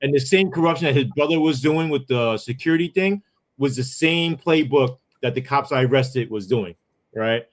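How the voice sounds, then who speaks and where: A man's voice: mid-range voice, moderate pace. A man, a former police sergeant who tells his story as a podcast guest in a heated, profane way, full of asides.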